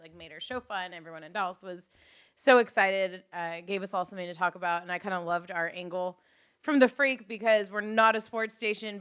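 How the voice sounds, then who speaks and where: A woman's voice: mid-range voice, smooth. A young woman, a radio broadcaster co-hosting a podcast, chatting casually and telling stories with frequent laughs. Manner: lively storytelling, laughs often. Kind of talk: casual chat.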